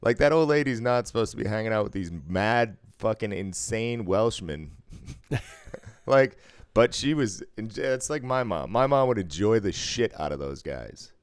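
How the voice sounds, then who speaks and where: A man's voice: fairly low pitch, lively intonation, measured pace, clear, resonant tone, dry recording, clean studio sound. A man chatting casually on a podcast, telling stories with frequent laughs and swearing. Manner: laughing storyteller, swears freely. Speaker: podcast co-host. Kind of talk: casual chat.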